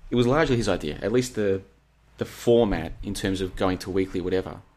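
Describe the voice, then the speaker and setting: A man in a rambling, casual solo talk, drifting from one story to the next. His voice sits fairly low. He reads out listener comments and answers them in a chatty way. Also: a little fast, a little mellow. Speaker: podcast host.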